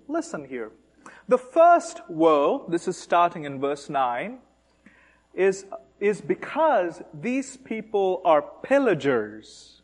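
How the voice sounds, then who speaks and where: A male preacher with a high voice delivers a sermon at an unhurried pace. His pitch swings widely as he mocks with emphasis and poses rhetorical questions to the congregation. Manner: animated, mocking emphasis on taunts, rhetorical questions.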